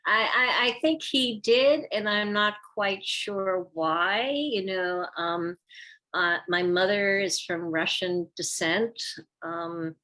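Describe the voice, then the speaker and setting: In a slow, mid-range voice, an older woman looks back on her ballet career in an informal interview. Her storytelling is animated, and she performs the quoted lines herself.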